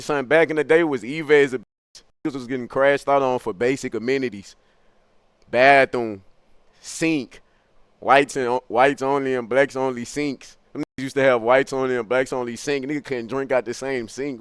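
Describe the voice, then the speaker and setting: Smooth-voiced young man riffing profanely. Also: mid-range voice, dry recording, clean studio sound. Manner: profane, musing, animated. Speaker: streamer. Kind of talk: rambling comic stream monologue.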